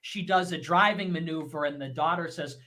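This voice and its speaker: Male streamer, bright-toned, rants fast and scornfully with crude language. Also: fairly high pitch. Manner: fast, profane, scornful with mocking laughs. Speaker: livestream commentator. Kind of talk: ranting monologue.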